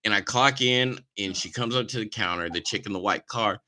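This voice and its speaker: A man's voice: fairly low pitch, brisk. A man hosting a casual podcast, rambling through stories with swearing and hype-style plugs. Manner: animated, rambling storyteller with profanity and hype ad reads. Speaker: podcast host.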